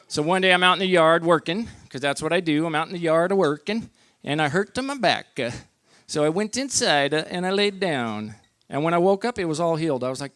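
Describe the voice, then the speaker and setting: A middle-aged man performing a stand-up comedy set at a barbecue lounge, telling stories in a deadpan way and acting out his own lines. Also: a little high, fast talker, dry recording.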